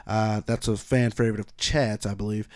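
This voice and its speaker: A man's voice: on the low side, normal speed. Laid-back man talking casual slang. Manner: relaxed slangy talk with many restarts. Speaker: co-host. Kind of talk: casual award predictions chat.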